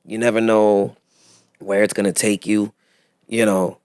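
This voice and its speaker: A man, an actor guest telling animated stories in a casual interview chat. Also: lowish voice, a little slow, clean tone, no room sound, studio quality. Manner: animated storyteller, acts out other voices with laughter.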